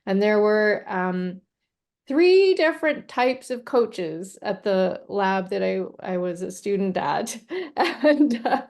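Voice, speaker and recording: A woman respiratory therapist hosting a casual group chat, telling animated stories and laughing often. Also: mid-range voice, slow pace.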